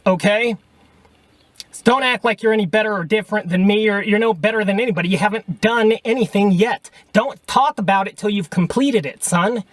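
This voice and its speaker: Man, high-pitched, dry close sound, combative mocking rant straight into a webcam. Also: fairly quick, no room sound. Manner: combative, mocking, repeatedly says okay and pal. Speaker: vlogger. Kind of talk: ranting response video.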